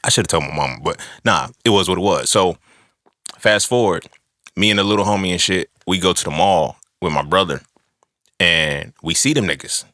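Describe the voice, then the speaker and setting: A man's voice: low voice, normal speed, no echo, clean studio sound. Man telling a loose street story. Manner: animated, profane storytelling with acted-out quotes. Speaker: podcast host. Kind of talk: casual storytelling monologue.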